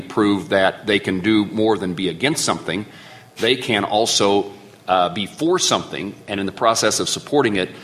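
A middle-aged man with a lowish voice answers questions on a panel, pausing often and restarting his sentences. He fills the gaps with "uh" and "um" as he works his way through a point. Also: a bit bright. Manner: halting, many fillers and restarts. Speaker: senator.

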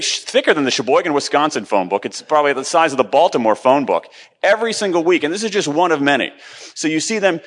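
A man's voice: mid-range voice, a bit bright, in a large hall. A middle-aged man giving a chatty, self-deprecating live conference talk, with many ums and restarts. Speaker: conference speaker.

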